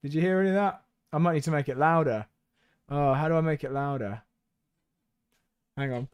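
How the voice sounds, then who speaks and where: A man's voice: fairly high pitch, brisk, clear, resonant tone, muffled recording. A man chatting casually to his viewers while he drives in a racing simulator on a live stream, laughing easily as he talks.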